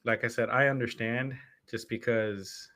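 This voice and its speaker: A man's voice: mid-range voice, fairly even intonation, measured pace, sharp tone. Rambling, chatty man live-streaming. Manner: rambling, chatty, self-interrupting. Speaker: streamer and podcast host. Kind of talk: casual live-stream chat.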